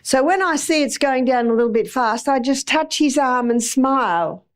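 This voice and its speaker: A middle-aged woman lectures a live audience on health in a chatty, anecdotal way, her voice pitched a little high. She repeats phrases to drive points home and slips into playful asides. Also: animated, moderate pace. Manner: chatty and anecdotal, acts out examples with repetition.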